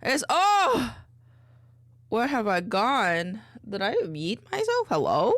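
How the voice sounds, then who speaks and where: Brief: woman VTuber, chatty and bubbly, voice bounces high and low, boom-arm desk mic at home. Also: huge pitch swings, a little slow, no room sound. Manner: bubbly, rambling, chatty with viewers. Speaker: VTuber streamer. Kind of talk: casual livestream chat.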